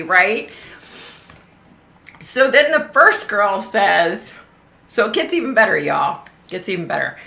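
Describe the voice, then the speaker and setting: A woman's voice: mid-range voice, measured pace, gravelly. A middle-aged woman hosting a psychic livestream, telling a story in casual chat, laughing a lot and acting out what other people said. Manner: animated, laughing, mimics others.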